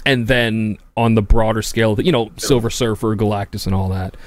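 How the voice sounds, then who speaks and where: A man hosting a podcast in casual chat, joking and swearing, with bursts of loud laughter. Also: steady tone, fairly quick. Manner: profane, joking, laughs loudly and jumps high in pitch. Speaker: podcast host.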